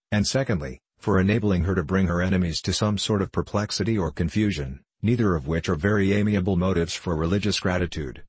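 A man narrating a classic novel as an audiobook in a measured, even reading. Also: low voice, slightly rough, no room sound.

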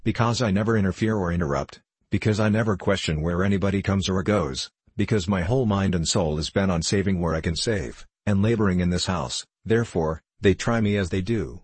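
A man's voice: low voice, a little fast, few pauses, husky, no room sound. A man reading the part of a self-pitying, reproachful middle-aged wife in a storybook. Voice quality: complaining, reproachful.

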